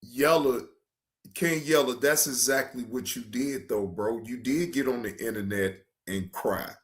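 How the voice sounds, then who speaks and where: A man's voice: medium pitch, measured pace. A man hosting a reaction video, drawling and mocking, often laughing as he comments. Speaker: reaction channel host.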